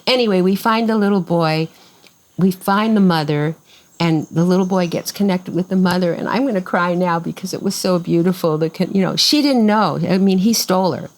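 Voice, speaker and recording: A woman's voice: on the low side, fairly quick, low-quality recording. An older woman, cofounder of a farm, telling a story in a casual interview and acting out the voices of the people in it. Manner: animated storyteller who acts out quoted voices.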